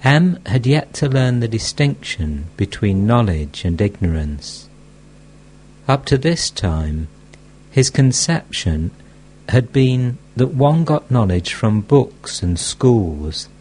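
A man narrating a spiritual book in a measured, expressive way. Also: mid-range voice, slight background noise. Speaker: audiobook narrator. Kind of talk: scripted narration.

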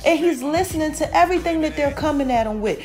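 A woman podcast host giving an excitable, casual recap of a TV episode, talking straight to her listeners. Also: high-pitched, quick pace, soft background music. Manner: excitable storytelling, addresses listeners as y'all.

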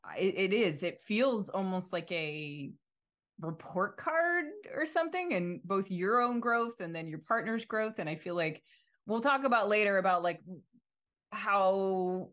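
A woman's voice: mid-range voice, big pitch swings, unhurried, a bit bright. A woman co-hosting a podcast, talking in a rambling, reflective way with many fillers. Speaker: podcast co-host. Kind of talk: casual chat.

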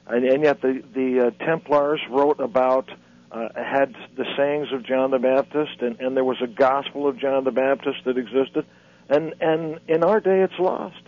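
A man speaking as an author and lecturer guest on a radio interview, halting and repeating words as he tells his story. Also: mid-range voice, fairly even intonation. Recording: dull lo-fi radio audio.

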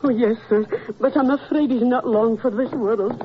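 A woman's voice: fairly high pitch, moderate pace, slight background noise, natural voice. An actress playing a tearful, anxious older landlady in 1940s radio acting, stammering and breathless. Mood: distraught. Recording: dull old radio broadcast.

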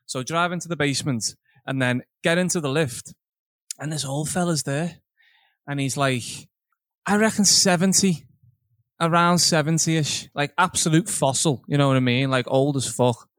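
A man's voice: fairly high pitch, moderate pace, a bit bright, dry recording, studio quality. A young man telling a crude, laughing anecdote on a podcast recorded from home. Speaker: podcast co-host. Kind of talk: casual chat, storytelling.

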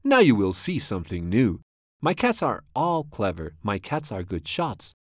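A man's voice: fairly low pitch, wildly swooping pitch, unhurried, dry recording, studio quality. A man voicing a mischievous, boastful big male cat in a storybook, in a smug sing-song rhyme.

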